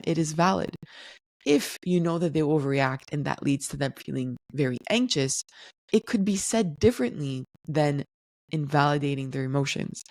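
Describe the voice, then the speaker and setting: Lady podcast host, deep voice with some fry, calm teaching vibe, dry room. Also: no room sound. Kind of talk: solo podcast talk.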